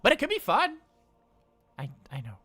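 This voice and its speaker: A man's voice: very high voice, huge pitch swings, moderate pace, pushed and bright, breathy edge, dry recording, soft background music, exaggerated voice. A man voicing an anxious, cheerful male robot daycare attendant on a live role-play stream, chatty and flustered, rambling with stammers. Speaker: livestream role-player.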